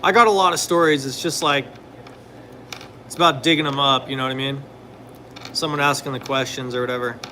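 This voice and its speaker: A man's voice: mid-range voice, fairly even intonation, brisk, long pauses, pushed and bright, slight background noise. A young man talking casually and rambling, full of fillers, now and then answering questions from viewers. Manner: rambling, filler-heavy, laid-back. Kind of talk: casual chat.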